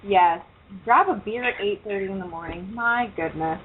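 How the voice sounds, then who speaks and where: A woman's voice: medium pitch, normal speed. A woman hosting a casual internet radio show. She talks loosely and swears often. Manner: loose, profane, chatty. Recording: tinny phone-like line with faint hiss.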